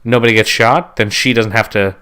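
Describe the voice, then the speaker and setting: A man's voice: lowish voice, fairly even intonation, brisk, sharp tone, clear, resonant tone. A man co-hosting a podcast in casual chat, rambling and stringing his thoughts together with "like" and "right?". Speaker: podcast co-host.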